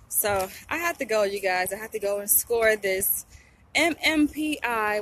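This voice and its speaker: A woman's voice: medium pitch, fairly bright tone, a little hiss or hum. A young woman, vlogging to camera in a blunt, preachy way, often asking if you get what she's saying. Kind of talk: casual talk to camera.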